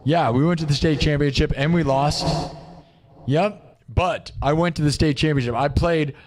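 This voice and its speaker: A man's voice: a little high, normal speed, a little mellow. A man from Iowa in his thirties with a sore throat, chatting casually and boastfully on a livestream, saying dude and bro. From Iowa, United States. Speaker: livestream music host.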